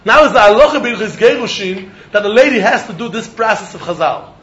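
Bright, high-voiced man lecturing on Talmud. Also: brisk. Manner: animated, repeats words while thinking, laughs often. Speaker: Talmud teacher. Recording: roomy, muffled recording with faint background noise.

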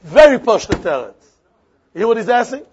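A man's voice: very high-pitched, sing-song, brisk, a little mellow, slight background noise. A man teaching a Talmud lesson, repeating phrases and posing and answering his own questions. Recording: dull lo-fi recording with faint crowd.

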